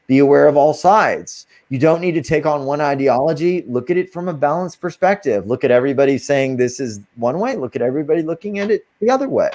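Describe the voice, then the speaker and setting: A man's voice: a little high, lively intonation, fast talker, hardly any pauses, darkish tone. A man as an interview guest, talking casually and earnestly as he coaches listeners through spiritual steps.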